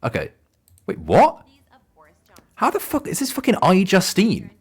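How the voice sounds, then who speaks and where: A man's voice: sits high, huge pitch swings, measured pace, breathy edge. A young man streaming a game, rambling and joking crudely in casual banter. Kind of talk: casual gaming stream commentary.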